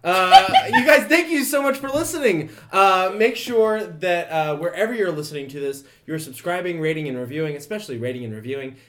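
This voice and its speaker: Lively co-host reading the podcast outro. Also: medium pitch, brisk, few pauses. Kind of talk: casual chat.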